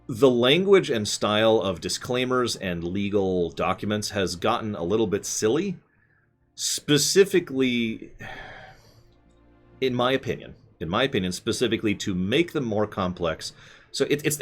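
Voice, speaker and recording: Rambling man chatting on a stream. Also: lowish voice. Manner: rambling, self-correcting, opinionated. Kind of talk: live stream chat answering viewers.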